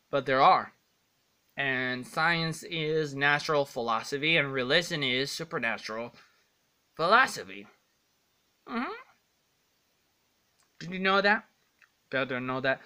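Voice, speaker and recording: A man's voice: medium pitch, lively intonation, unhurried, long pauses, sharp tone, clean tone. A man rambling through a casual vlog monologue, earnest and often stumbling over his words. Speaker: vlogger.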